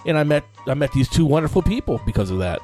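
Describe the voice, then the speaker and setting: Male co-host, casual, hesitant and meandering, soft music underneath. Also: a little high, sing-song. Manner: hesitant, halting, many fillers. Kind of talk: casual chat.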